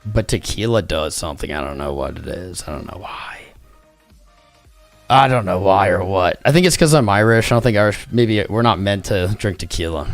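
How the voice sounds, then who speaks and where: Male stream host, worn out, low-pitched, loose rambling delivery with faint music under him. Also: normal speed. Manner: rambling, jokey, trailing off. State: tired. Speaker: crypto livestream host. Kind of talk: casual livestream chat.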